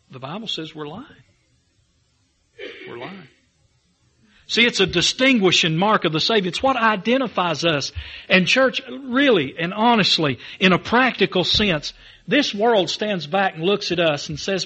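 A man's voice: high voice, lively intonation, unhurried, pauses often, bright, forceful tone, husky, lo-fi sound. Man preaching with emphatic swells. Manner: reads scripture in King James wording. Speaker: pastor. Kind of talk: sermon.

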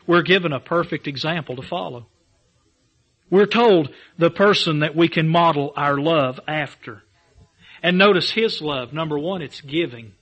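A pastor with a sharp, somewhat high voice preaches a sermon, building emphasis through repetition. He reads scripture aloud in old-fashioned King James wording.

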